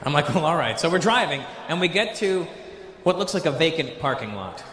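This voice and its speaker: Stand-up comedian, man, from Canada, slightly higher voice, animated storyteller who slips into accented voices, roomy live-venue sound. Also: fairly quick. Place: theater stage with an audience. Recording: echoey live venue with faint noise.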